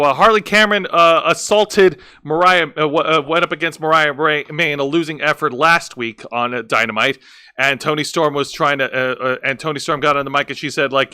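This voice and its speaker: A man with a fairly high, pushed and bright voice co-hosts a casual wrestling podcast, recapping segments. The tone is clean, and his speech is full of fillers and restarts.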